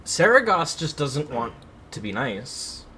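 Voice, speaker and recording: A man streaming a video game, tossing off wry, sardonic remarks and the odd curse. His voice swings widely in pitch and sounds bright and forward. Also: sing-song, slow pace, slight background noise. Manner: wry, sardonic, swears freely. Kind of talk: casual gaming commentary.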